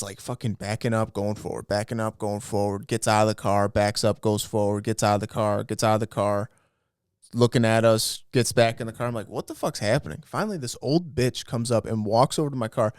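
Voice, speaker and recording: A man's voice: lowish voice, brisk, smooth, dry recording, studio quality. Profane ranting guy on a podcast. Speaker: podcast co-host. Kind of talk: casual comedy podcast chat.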